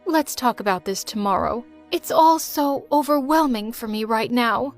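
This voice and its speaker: A woman's voice: normal speed, soft background music, close to an everyday voice. A woman voicing a vain, self-centered celebrity mother who stars on a reality TV show, putting on a syrupy public manner. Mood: sweet. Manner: shrill when angry, syrupy for cameras.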